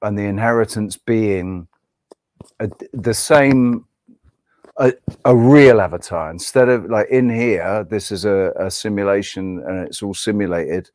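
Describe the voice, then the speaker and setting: Low-voiced man musing haltingly. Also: darkish tone, dry recording, studio quality. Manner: halting, searching for words with many restarts. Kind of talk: casual group discussion.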